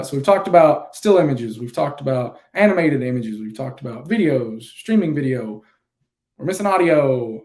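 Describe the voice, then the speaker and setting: A man's voice: medium pitch, a little mellow. Casual man teaching, echoey room. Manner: casual, rambling, many fillers and self-corrections. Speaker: instructor. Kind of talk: unscripted online lesson.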